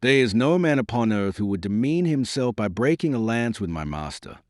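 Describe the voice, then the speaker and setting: A man voicing a swaggering Breton squire and herald who speaks with a hoarse, thick voice and a Breton accent. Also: medium pitch, big pitch swings, no room sound, clean studio sound, lightly acted. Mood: bold. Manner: bold, earnest, quick-spoken.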